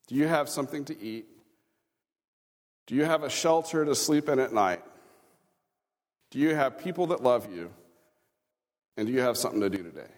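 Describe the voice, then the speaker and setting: A man, a pastor preaching a conversational sermon with chuckling asides and questions to the congregation. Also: mid-range voice. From Kansas. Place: church sanctuary. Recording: reverberant church hall.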